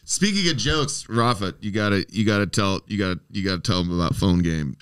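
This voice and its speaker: A man's voice: lowish voice, animated, a little fast, a bit bright, clean tone. A man hosting a podcast in a studio, bantering casually and teasing his guests with jokes. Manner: teasing, joking. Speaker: podcast host.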